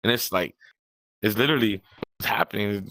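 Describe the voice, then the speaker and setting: A man's voice: fairly low pitch, brisk, fairly bright tone, no room sound. A young man from California co-hosting a podcast, rambling in casual chat, swearing freely and often restarting his sentences. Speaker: podcast co-host.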